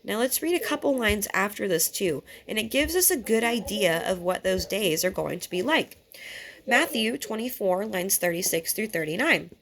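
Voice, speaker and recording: A woman's voice: mid-range voice, expressive, moderate pace, fairly bright tone. A woman reading scripture aloud and teaching on it, moving between formal reading and casual explanation. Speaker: Bible teacher.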